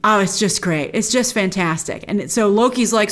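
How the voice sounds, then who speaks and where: A woman's voice: medium pitch, moderate pace, few pauses, a bit bright. A woman hosting a TV episode recap, talking with gushing enthusiasm and retelling scenes in a chatty, casual way. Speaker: host.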